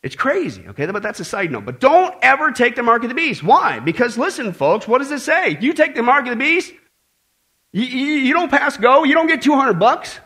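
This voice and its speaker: A man preaching a sermon to a congregation, emphatic and animated, with joking asides and repeated warnings. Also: very high voice, brisk.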